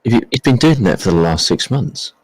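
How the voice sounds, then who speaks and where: A man's voice: lowish voice, lively intonation, brisk, rough recording. A man chiming in with short, laconic remarks and reading out chat messages. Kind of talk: casual chat.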